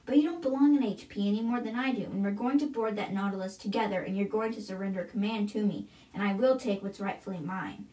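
A woman reading out the lines of a scheming teenage boy in her own voice, quoting him quietly. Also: medium pitch, fast, hardly any pauses, close to an everyday voice. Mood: quietly insistent. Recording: roomy, distant from mic.

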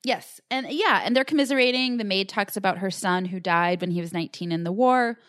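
A woman's voice: medium pitch, brisk, a bit bright, clean tone, dry recording, studio quality. A woman co-hosting a podcast, casually recapping an episode and acting out quotes between fillers. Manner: recounts scenes with acted-out quotes, many fillers. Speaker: podcast co-host.

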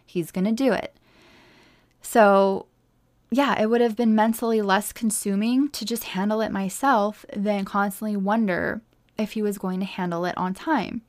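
A woman's voice: medium pitch, steady tone, normal speed. A woman hosting a podcast, telling a personal story in a chatty, exasperated way and acting out both sides of a conversation. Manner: chatty, exasperated, acts out dialogue. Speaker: podcast host.

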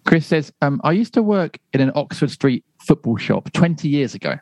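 A man's voice: fairly high pitch, big pitch swings, normal speed, a little mellow, dry recording. A man co-hosting a casual podcast, rambling and correcting himself as he goes, with frequent chuckles. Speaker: podcast co-host.

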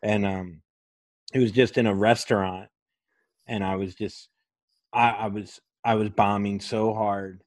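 A man's voice: lowish voice, fairly even intonation, unhurried, pauses often, no room sound. A male comedian hosting a casual podcast, spinning a long rambling story full of swearing. His voice is recorded dry and close, with no room sound around it.

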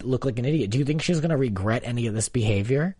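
A man's voice: mid-range voice, animated, fast talker, dark tone, slightly rough, no room sound. A man co-hosting a casual talk show about a reality series, chatty and hedging, with lots of filler words. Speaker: co-host of a reality TV recap show. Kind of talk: casual chat.

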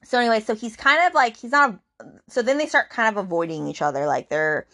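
A woman's voice: a little high, brisk, bright, forceful tone. A woman hosting a book podcast, recapping the plot in a chatty, rambling way with fillers and acted-out quotes.

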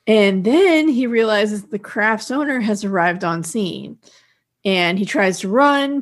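A woman with a mid-range voice co-hosts a podcast, retelling a TV episode scene by scene. She keeps a steady storytelling flow, broken by wry remarks and brief laughs. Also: mid-range voice. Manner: narrates plot steadily, with quick laughs and wry comments. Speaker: podcast co-host. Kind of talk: casual chat recapping a TV episode.

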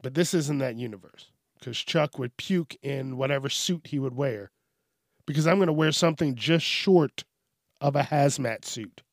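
Laughing, profane man with a gravelly voice. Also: mid-range voice, no echo, clean studio sound. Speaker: news commentary host. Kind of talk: casual comedic news commentary.

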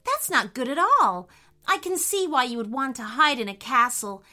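A woman's voice: high-pitched, big pitch swings, normal speed, sharp tone, heavily acted. A woman voicing a shy, curious little girl who speaks politely and earnestly. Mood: friendly.

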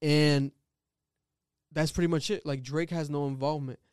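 A man talking in casual chat, animated and rambling, laughing often. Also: a little high, normal speed, smooth, dry recording, studio quality.

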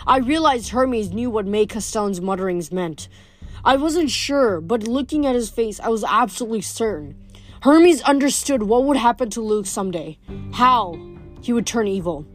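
A woman reading a novel aloud, briskly and expressively. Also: fairly high pitch, animated, soft background music. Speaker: reader.

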